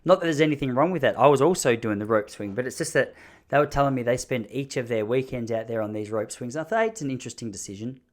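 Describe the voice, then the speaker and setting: A young adult man hosting a podcast, telling a story casually in an animated, jokey way. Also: mid-range voice, quick pace. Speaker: podcast host.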